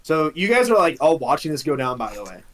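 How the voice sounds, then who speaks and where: A man's voice: a little high, very animated, quick pace, a crowd in the background, poor audio. Rambling male dungeon master. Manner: rambling, many fillers and restarts. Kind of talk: narrating a tabletop game.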